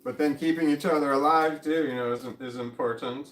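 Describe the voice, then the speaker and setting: In a roomy home recording with faint ambience, a middle-aged vlogger speaks a little fast in a fairly high, steady voice. His casual monologue rambles and self-interrupts, punctuated by occasional chuckles, and is captured by a camera mic placed at a distance.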